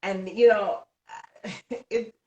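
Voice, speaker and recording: An excitable woman tells a story with lots of energy, at times laughing and shouting. Her voice sounds set back from the mic and echoes around a roomy space. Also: mid-range voice, very slow, distant mic, muffled recording. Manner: animated, breaks into laughs and shouts when excited. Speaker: guest author. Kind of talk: excited storytelling on a live stream.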